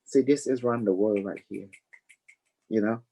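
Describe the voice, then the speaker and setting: A man's voice: fairly low pitch, moderate pace, mellow, poor audio. A man hosting a live stream, rambling loosely and preaching, dropping "you know" and calling people honey. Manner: affectionate, calls listeners honey. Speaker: livestream host.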